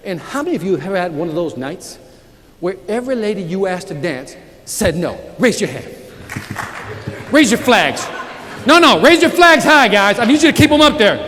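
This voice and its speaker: A man with a voice that sits high delivers a live motivational sales keynote, an animated storyteller working the crowd with call-and-response. He's in a large event hall with a live audience, and the recording is reverberant with faint noise.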